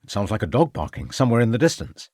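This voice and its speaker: A brisk, determined Victorian police inspector, read by a man. He questions in formal, pressing sentences with a lively, rising voice, recorded dry and close. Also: medium pitch, dry recording. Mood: urgent.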